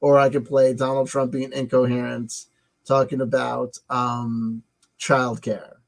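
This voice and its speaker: A man's voice: medium pitch, level tone, unhurried, gravelly, rough recording. A man hosting a casual live stream, musing aloud, rambling and swearing as he decides what to show next.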